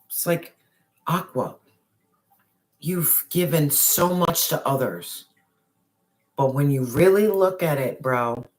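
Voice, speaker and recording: A tarot reader giving an intense, emphatic reading to a viewer, with slangy address and swearing, sometimes dropping to a whisper. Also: medium pitch. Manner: drops to a whisper on some phrases.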